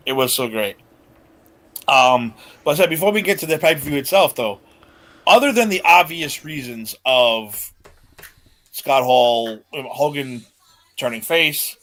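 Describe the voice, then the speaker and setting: A podcast host in a casual chat, this man speaks at an ordinary middle pitch and a measured pace with long pauses. His retellings are animated: he acts out the lines of the people he quotes and laughs often.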